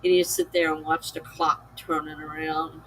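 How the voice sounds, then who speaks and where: This low, level-toned voice belongs to a woman from the United States and has a slightly bright edge. The rough recording carries a little hiss or hum. She's a worn-out streamer talking casually with viewers and reading chat, moving slowly and breaking into laughter a lot.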